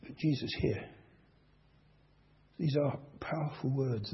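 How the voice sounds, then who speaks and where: Slow, lively preacher. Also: male voice, a little high. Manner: slow, measured preaching with rhetorical questions. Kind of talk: sermon. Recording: dull lo-fi recording.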